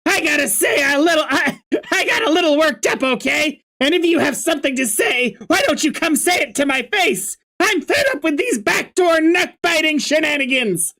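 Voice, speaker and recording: A reader voicing a hot-tempered young male troll who shouts and rants in exasperation. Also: sits high, lively intonation, normal speed, voice pushed up, heavily acted. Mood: angry ranting.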